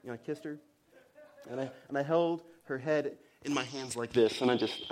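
A man in his thirties, a pastor preaching, telling a self-mocking story with animated delivery and frequent restarts. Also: medium pitch, a little fast, crowd noise. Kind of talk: sermon storytelling.

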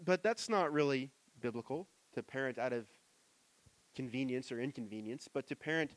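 High-voiced pastor preaching in a dry room. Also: male voice, dry recording. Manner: conversational preaching, swings from soft asides to loud emphatic stretches. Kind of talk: sermon. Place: church.

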